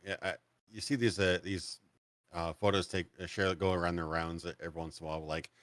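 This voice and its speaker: A man with a low voice in easygoing podcast chat, recorded dry and close. He laughs often and trails into fillers as he thinks. He sounds like a relaxed co-host. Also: brisk, no echo. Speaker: streamer co-host.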